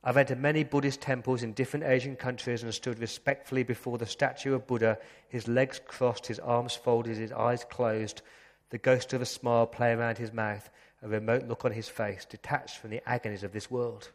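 A man preaching a sermon as pastor, earnest, slowing down to read scripture passages aloud. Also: mid-range voice, little pitch movement, in a large hall. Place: church.

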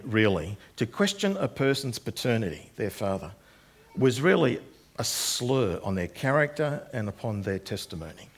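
A man preaching a sermon that works through a passage of scripture, retelling the verses in plain everyday speech. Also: fairly low pitch. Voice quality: gravelly, husky.

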